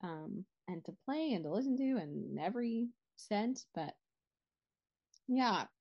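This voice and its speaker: A young woman chats in a reflective way, slipping in quick asides as she thinks aloud. Her voice sits in a middle pitch range. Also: lively intonation, muffled recording. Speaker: podcast co-host. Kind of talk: casual chat.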